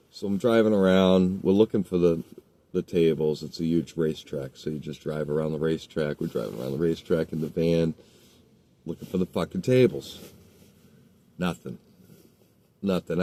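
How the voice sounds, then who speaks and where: A man with a lowish, dark and mellow voice recounts a confrontation in loose, casual talk. He swears in nearly every sentence and rambles, circling back with fillers and restarts. The telling runs heated and profane throughout. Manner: heated, heavily profane storytelling. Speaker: storyteller. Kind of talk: casual spoken anecdote.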